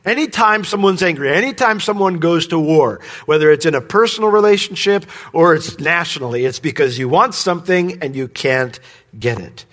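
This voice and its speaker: A pastor preaching a sermon, who climbs high and loud when he voices other people's demands and drops low and soft at the ends of phrases. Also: expressive, normal speed. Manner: rises sharply in pitch and volume when voicing the criminal's demands.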